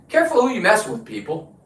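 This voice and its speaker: Man, ranting show host, boastful and foul-mouthed, a bit high-pitched, roomy distant sound. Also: fairly bright tone. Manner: combative, boastful, swearing. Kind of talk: profane ranting monologue.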